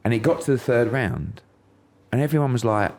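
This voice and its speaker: A man's voice: medium pitch, expressive, a little fast, a little mellow. A middle-aged man from England, a podcast guest telling a story in casual chat and acting out quotes in raised voices.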